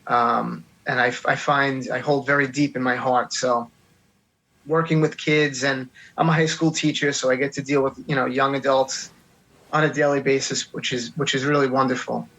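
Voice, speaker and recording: A man's voice: medium pitch, little pitch movement, normal speed, fairly bright tone, rough recording. A man in his thirties with a New York accent, an interview guest telling his story earnestly and from the heart. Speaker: guest, teacher and filmmaker.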